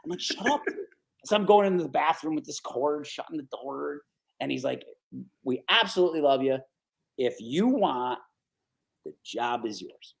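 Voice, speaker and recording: Here's a male sports broadcaster in his 40s, originally from New York's Capital Region, swapping casual stories during a podcast interview. His slightly high voice has a gravelly texture and moves at a moderate pace. He's animated, voices the characters he quotes, and regularly says "dude" and "right?"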